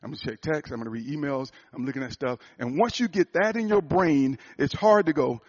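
A man giving a sermon-style talk to a church audience, swinging into loud emphatic preaching. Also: a little high, brisk. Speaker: speaker at a church gathering. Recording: muffled lo-fi recording.

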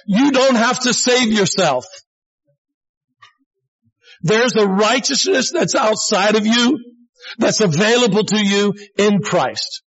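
A pastor in his sixties giving an earnest, conversational sermon in a plain-spoken way. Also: a little high. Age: 60s. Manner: earnest, plain-spoken, addresses the congregation as folks. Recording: dull lo-fi recording.

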